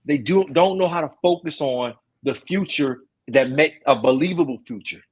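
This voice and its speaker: Husky, high-voiced man ranting. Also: normal speed. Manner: animated, emphatic ranting with slang. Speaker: streamer host. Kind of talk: casual chat.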